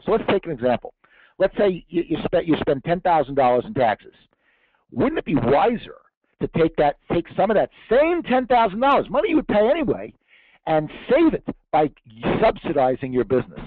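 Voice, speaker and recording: A man's voice: fairly high pitch, no echo. Emphatic man giving a tax seminar. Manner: emphatic, rhetorical questions and jokes. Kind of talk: seminar talk to an audience. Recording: tinny narrow-band dry recording.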